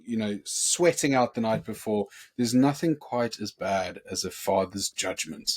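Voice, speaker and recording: A man's voice: lowish voice, slightly rough. A man co-hosting a podcast, joking and teasing his friend in casual chat. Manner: teasing, quick quips. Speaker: podcast co-host.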